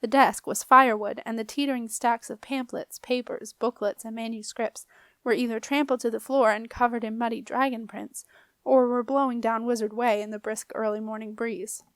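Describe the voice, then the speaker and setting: A woman narrating a children's fantasy audiobook in a clear, expressive manner. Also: on the high side, normal speed, no room sound. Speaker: audiobook reader. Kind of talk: storybook narration.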